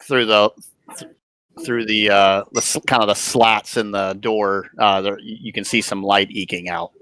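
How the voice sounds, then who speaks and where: Halting low-voiced game master. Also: male voice, steady tone, a bit bright, dry recording. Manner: halting, many restarts and fillers. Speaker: dungeon master. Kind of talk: narrating a tabletop game.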